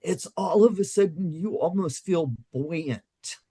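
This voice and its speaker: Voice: mid-range voice, slow pace, dark tone, husky. Blunt, earthy co-host. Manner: blunt, emphatic, earthy and profane. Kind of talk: live-streamed spiritual discussion.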